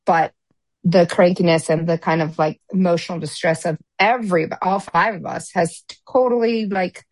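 A woman's voice: lowish voice, steady tone, moderate pace, no room sound. A woman in casual conversation, rambling with many fillers and restarts. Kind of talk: casual chat.

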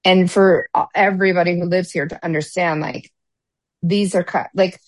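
A woman's voice: lowish voice, fairly even intonation, normal speed, no room sound. A woman in casual conversation, rambling with many fillers and restarts. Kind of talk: casual chat.

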